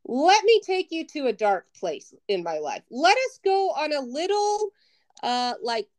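Woman guest, 30s, higher voice, lively self-mocking storyteller, dry close sound. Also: unhurried, no room sound. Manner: animated, self-mocking, acts out her own past lines. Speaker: podcast guest. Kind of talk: casual storytelling chat.

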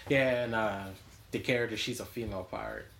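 A man's voice: lowish voice, huge pitch swings, a little fast, creaky, fairly bright tone, slight background noise. A man hosting a podcast, chatting casually with a co-host, rambling through stories with lots of fillers and frequent laughs. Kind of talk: casual chat.

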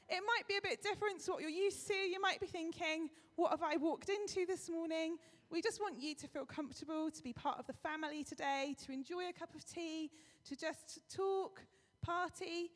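A woman's voice: high-pitched, fairly bright tone. A woman pastor giving a chatty, personal welcome and address to her church congregation, with a few fillers. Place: church hall. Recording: long reverb of a church hall.

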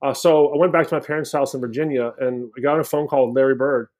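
A man, an actor guest, tells stories in a relaxed, rambling way, full of fillers. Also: mid-range voice, fast talker. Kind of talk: casual chat.

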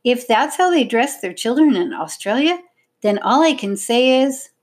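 A woman's voice: a little high, expressive, normal speed, voice pushed up. A woman voicing a prim, disdainful wealthy lady in an audiobook. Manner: prim, disdainful, upper-class. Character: haughty wealthy Victorian lady, cold and snappish.

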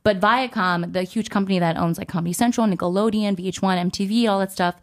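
A woman's voice: mid-range voice, fast. A young woman, an entertainment host, chatting casually as she tells a story about her career. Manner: chatty, animated, acts out quoted voices.

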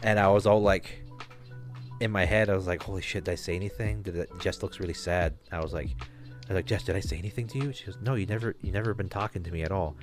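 A man's voice: low-pitched, fast talker, faint music behind. A man hosting a podcast, telling a long rambling story in casual talk, with restarts and swearing. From Alaska. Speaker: podcast host.

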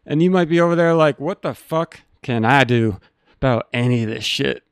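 A man's voice: mid-range voice, moderate pace, creaky, clear, resonant tone, dry recording, clean studio sound. A man hosting a live stream, talking in a blunt, earnest, profane way to his viewers. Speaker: stream host. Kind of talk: casual chat.

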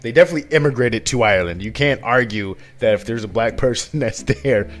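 A man's voice: medium pitch, brisk, faint music behind. A man co-hosting a podcast in casual chat, rambling, swearing and laughing often. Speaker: podcast co-host.

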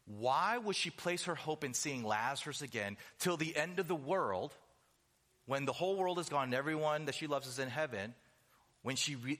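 Male preacher, bright and forceful, emphatic sermon delivery with chatty asides. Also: medium pitch. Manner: emphatic, rhetorical questions, slows down for stress; conversational asides.

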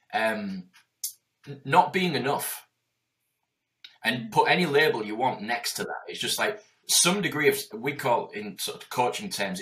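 A middle-aged man with a Yorkshire accent, a business coach in casual podcast chat, animated and swearing as he acts out quoted voices. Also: on the low side. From Yorkshire, England.

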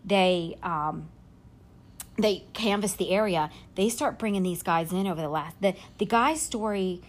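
Woman on a podcast, kinda low voice, tells the story with lots of ums and restarts. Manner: retells a story haltingly, with many fillers and self-corrections. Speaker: podcast host. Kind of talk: casual storytelling chat.

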